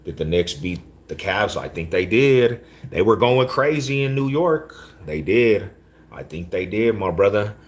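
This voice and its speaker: Laid-back slangy man with a very low voice. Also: animated, measured pace. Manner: laid-back slangy street talk, repeats himself. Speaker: livestream host. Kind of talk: casual livestream chat, reading chat.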